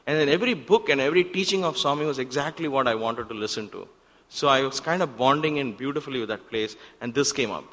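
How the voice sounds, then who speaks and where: A man, telling a personal story in a talk at a devotional center and acting out the exchanges in sudden loud bursts. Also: medium pitch, lively intonation, quick pace. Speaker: guest speaker at a spiritual center. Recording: long hall reverb.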